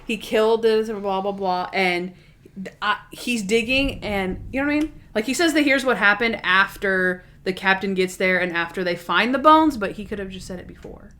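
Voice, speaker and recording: A woman co-hosting a podcast, talking in an animated, rambling way with restarts and quoted asides. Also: medium pitch. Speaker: podcast co-host. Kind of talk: casual chat.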